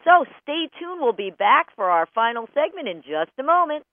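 A woman's voice: high-pitched, normal speed, phone-quality sound. A woman hosting a radio talk show from a broadcast studio, giving dog training advice in an emphatic way and speaking straight to the listeners. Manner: animated, emphatic, addresses listeners directly.

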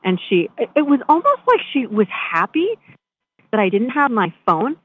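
A woman host telling a personal story in a chatty, animated way, often restarting her sentences. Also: on the high side, normal speed, slightly rough, no echo. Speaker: show host. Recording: tinny phone-line sound.

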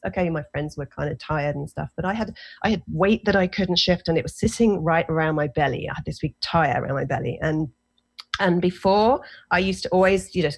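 A woman in her forties with an English accent, telling her own story as a guest in a casual interview, animated and self-deprecating. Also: fairly low pitch. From England. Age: 40s. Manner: animated, self-deprecating, lots of fillers and restarts.

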